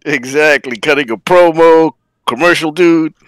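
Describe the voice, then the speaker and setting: A man's voice: a little high, normal speed, no room sound, low-quality recording. A man chatting casually as a podcast guest, playful and slangy.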